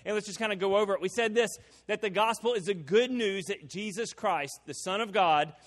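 High-voiced pastor preaching in a reverberant hall. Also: male voice, brisk. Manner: conversational, asks the crowd rhetorical questions. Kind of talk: sermon. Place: church hall.

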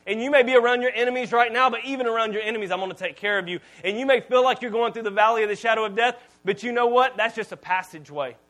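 High-voiced man preaching a casual sermon. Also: rapid-fire, hardly any pauses, a bit bright. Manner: conversational, storytelling preacher with swings in volume. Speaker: pastor.

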